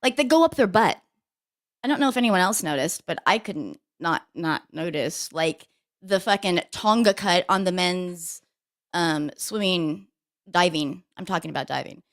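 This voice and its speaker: A woman co-hosting a casual talk show, telling stories in a brash, profane, animated way. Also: lowish voice, normal speed. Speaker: co-host.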